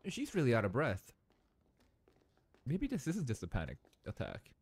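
A man hosting an anime reaction video, excitably thinking out loud and laughing often. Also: medium pitch, normal speed, slightly rough, no echo. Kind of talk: live reaction commentary.

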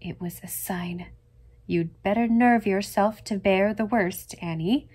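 A woman's voice: measured pace, a little mellow, natural voice. Woman voicing a gloomy, ominous old aunt. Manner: lowers her voice creepily, ominous. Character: fussy, gloomy elderly aunt prone to dire warnings. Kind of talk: audiobook reading.

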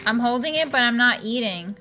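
Woman streamer, goofy casual gameplay chat, lively swooping voice, bright tone, faint music behind. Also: on the high side, brisk. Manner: playful, goofy broken-English jokes.

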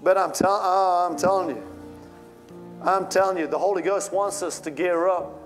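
Pastor guy preaching hard, voice on the higher side, soft music behind. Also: steady tone, moderate pace. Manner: impassioned preaching with rising outbursts. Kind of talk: sermon.

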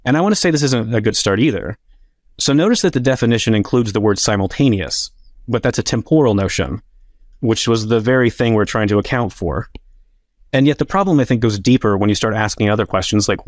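A man with a low, dry-sounding voice lays out an academic argument in a debate. He talks casually, leaning on frequent fillers as he goes. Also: dry recording. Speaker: philosopher in a debate.

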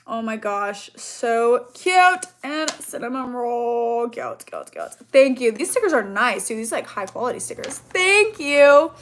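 A woman's voice: a little high, very animated, a little slow, few pauses, fairly bright tone, a little hiss or hum. A young woman YouTuber chatting casually as she unboxes fan mail, gasping and gushing with "oh my gosh" and "so cute". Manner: gushing, gasping and squealing over gifts; says "so cute" and "oh my gosh" over and over.

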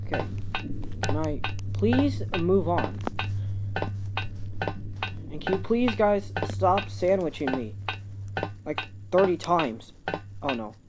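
A woman commentating on her own gameplay, often shouting in frustration at the enemies chasing her. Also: fairly low pitch, animated, slow pace, pauses often, heavy background noise. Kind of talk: let's play commentary. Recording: loud game music behind. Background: loud game music.

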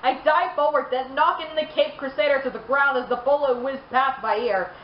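A woman streamer reading game lore aloud in an animated way, laughing and exclaiming between passages. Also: sits high, normal speed, reverberant, lo-fi sound, slight background noise. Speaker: gaming streamer.

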